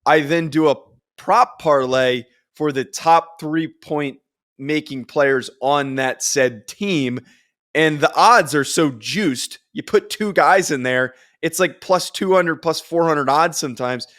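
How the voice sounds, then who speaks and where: A young man co-hosts a sports podcast, telling rambling, self-deprecating stories with many restarts in casual chat. His voice is a little high, slow and a bit bright.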